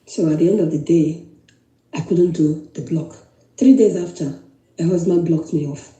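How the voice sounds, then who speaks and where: A woman with a Nigerian English accent tells her own story in an earnest, repetitive way, quoting what was said to her. Her voice is mellow and dark-toned. The recording has a noticeable room echo. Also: lowish voice, moderate pace. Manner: earnest, repetitive retelling with quoted dialogue. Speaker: guest telling her story. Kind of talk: personal testimony. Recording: echoey room.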